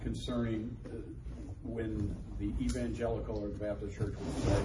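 A man from the audience asking a quick, hesitant question. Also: on the low side, flat delivery. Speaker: audience member. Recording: distant voice over a crowd.

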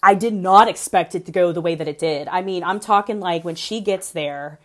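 A woman's voice: lowish voice, normal speed. Gossipy young woman recapping reality TV. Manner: gossipy, animated, heavy use of "like".

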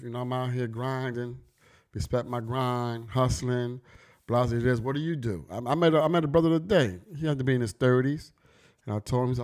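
A middle-aged man talks straight to his audience in a loose, slang-heavy monologue. His voice sits at an ordinary middle pitch. He pushes his points hard and slides into preaching as he tells stories. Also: lively intonation, fairly quick, a little mellow. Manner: emphatic, slangy, preachy storytelling. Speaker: vlogger and brand owner. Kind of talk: casual street-talk monologue.

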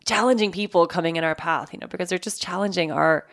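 Woman podcast host, talks fast, lowish voice, laughs a lot, swears casually. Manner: quick, warm-hearted, laughs easily, swears casually. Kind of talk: casual interview chat.

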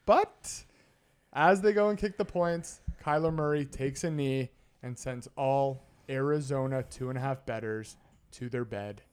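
A podcast co-host on a sports betting show trades casual banter and tells stories, animatedly acting out scenes from movies. His medium-pitched voice is clear and resonant, with a measured pace.

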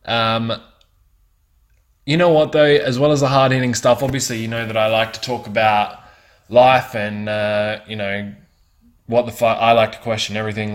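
A man in his twenties hosting a casual solo podcast, rambling and profane. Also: fairly low pitch. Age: 20s. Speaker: podcast host.

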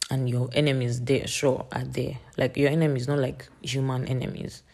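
A woman's voice: a bass voice, flat delivery, normal speed, vocal fry, a little mellow, husky. A woman in her late teens hosts a faith podcast, talking earnestly in a rambling way with many fillers. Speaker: podcast host. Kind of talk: faith encouragement podcast monologue.

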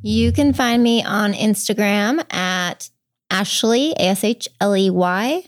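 A woman's voice: medium pitch, takes it slowly, dry recording, clean studio sound. A woman guest on a podcast, talking in a playful, teasing way. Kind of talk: casual chat.

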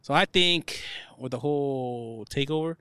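A young man with a mid-pitched voice chats in a laid-back way, teasing his friends and using a lot of slang. The sound is close and dry. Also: measured pace, sharp tone, clear, resonant tone, dry recording. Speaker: podcast co-host. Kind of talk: casual chat.

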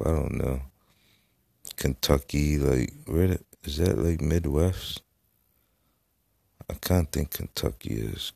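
A middle-aged man rambles through a solo podcast with a very deep, gravelly voice. He talks slowly, swears a lot and trails off into fillers. The sound is dry and close. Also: darkish tone, dry recording. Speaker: podcast host. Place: Florida.

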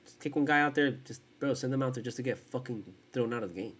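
A man hosting a sports podcast, ranting in casual, profane, animated talk. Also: mid-range voice, fast talker, husky. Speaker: podcast host.

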